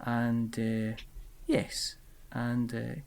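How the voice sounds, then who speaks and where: A man hosting a casual podcast chat, chatty and quick to laugh. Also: mid-range voice, monotone, vocal fry, darkish tone, clean tone. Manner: chatty, laughs often, lots of fillers. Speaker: podcast host.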